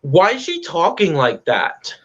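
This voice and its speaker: A man's voice: sits high, huge pitch swings, unhurried, breathy edge, lo-fi sound, full character voice. Man playing a smug big cactus. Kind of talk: stage play acting.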